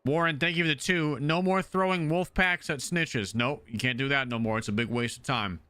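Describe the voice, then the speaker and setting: A man streaming a video game live, chatting casually and excitably shouting thanks to his supporters. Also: a little high, normal speed, clear, resonant tone, no room sound.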